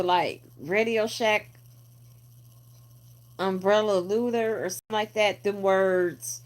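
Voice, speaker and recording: A middle-aged woman vlogger telling a story in a casual, animated way, full of profanity and slang. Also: medium pitch. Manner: animated, profane, colloquial retelling with quoted voices.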